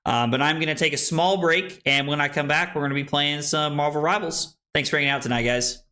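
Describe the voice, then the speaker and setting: A tipsy man streaming live, loud and boisterous, laughing and swearing as he chats. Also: fairly high pitch, fairly quick, a little hiss or hum. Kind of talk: casual live-stream chat.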